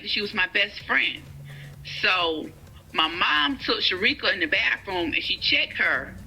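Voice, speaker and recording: A woman's voice: mid-range voice, pushed and bright, low-quality recording. A woman telling her personal story in conversation, often checking "you get what I'm saying". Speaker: guest sharing her life story.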